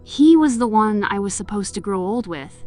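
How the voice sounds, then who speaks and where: A woman's voice: medium pitch, expressive, moderate pace, darkish tone. A woman narrating a horror story and voicing the heroine with emotion. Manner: emotional, voices the heroine's pleading lines. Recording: music in the background.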